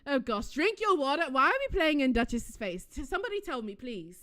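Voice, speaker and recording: A young woman hosting a live stream, chatting casually with her viewers and breaking into excited shrieks and giggles. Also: sits high, fairly quick. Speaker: livestream host.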